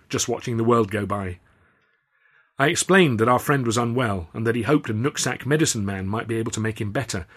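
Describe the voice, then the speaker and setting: Husky man narrating a story. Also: medium pitch. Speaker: author and reader. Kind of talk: first-person storytelling narration.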